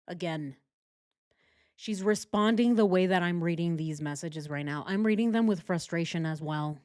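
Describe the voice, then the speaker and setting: A woman's voice: on the low side, moderate pace, a little mellow, dry recording, clean studio sound. A young adult woman giving sarcastic, exasperated true crime commentary while reading text messages aloud.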